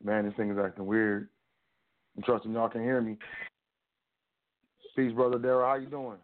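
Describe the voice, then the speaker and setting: A man hosting a call-in show, chatting casually and thanking callers in a relaxed way. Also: medium pitch, moderate pace. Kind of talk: casual call-in radio chat. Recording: phone-like line with faint music.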